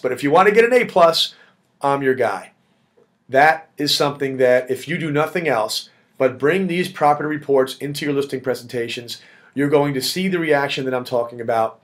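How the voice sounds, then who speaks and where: A man leading a real estate network, giving direct, emphatic coaching in a motivational video blog. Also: mid-range voice. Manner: direct, emphatic pep talk addressing the audience as "guys".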